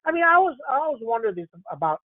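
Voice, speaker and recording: A man's voice: extremely high pitch, big pitch swings, very fast, no room sound. A man hosting a live stock market call, blunt and profane, pushing viewers to type in answers. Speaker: stock trading host. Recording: tinny phone-like dry sound.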